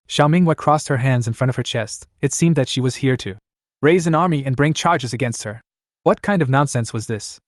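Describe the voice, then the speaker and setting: A man reading a story recap as scripted narration, in an even, plain voice. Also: mid-range voice, fairly quick, dry recording, studio quality.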